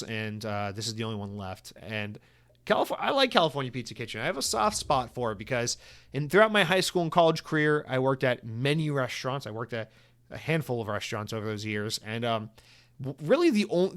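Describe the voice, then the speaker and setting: A young American man hosts a solo podcast, rambling through casual chat, swearing a lot, and restarting often. His voice is mid-range and a bit bright.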